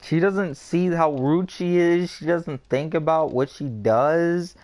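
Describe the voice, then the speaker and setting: A man's voice: on the high side, slow. A young man chatting casually over a game headset, gossiping with heavy swearing and mimicking people. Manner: profane, animated gossip with quoted voices. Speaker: gamer chatting on a live stream. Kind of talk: casual chat.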